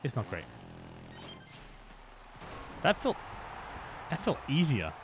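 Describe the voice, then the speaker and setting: A man's voice: mid-range voice, huge pitch swings, slow, music in the background. A man streaming a video game live, chatting casually and thinking aloud with fillers, from Australia.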